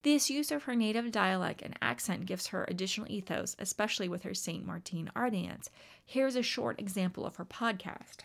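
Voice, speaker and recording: A woman instructor narrating a scripted lecture about teaching writing, in a measured academic reading manner. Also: medium pitch, gravelly.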